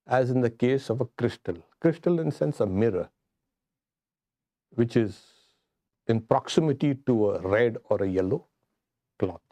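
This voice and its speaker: A man's voice: mid-range voice, dark tone, dry recording. A man teaching a Vedanta scripture class, acting out quotes and laughing often.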